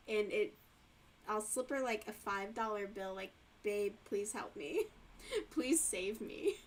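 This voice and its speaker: A woman's voice: medium pitch, a little hiss or hum. A woman hosting a livestream and chatting casually while she crochets, laughing often and swearing freely. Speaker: livestream host.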